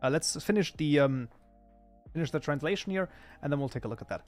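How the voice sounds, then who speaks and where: A man's voice: fairly high pitch, expressive, fast, soft background music. A man whose first language is German, chatting casually with his live-stream chat while coding, often breaking into mock outrage. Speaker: streamer, mod programmer.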